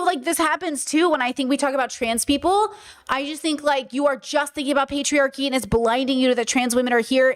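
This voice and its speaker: A woman who streams and hosts a podcast gives casual livestream commentary in a high-pitched voice. She's outspoken, emphatic, and repetitive, swearing often and saying "like" a lot.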